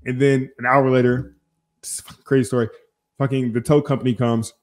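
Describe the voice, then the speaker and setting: Chatting casually on his podcast, a young man tells a story at a quick pace in a mid-range voice. He swears freely, stays animated, and acts out both ends of phone conversations.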